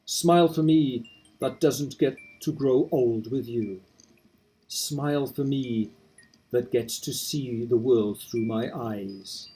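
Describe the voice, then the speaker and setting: A man's voice: mid-range voice, close to an everyday voice. A man voicing Talia, a dying tender woman. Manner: soft, pleading, slowing into hushed lines. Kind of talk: reading game dialogue aloud.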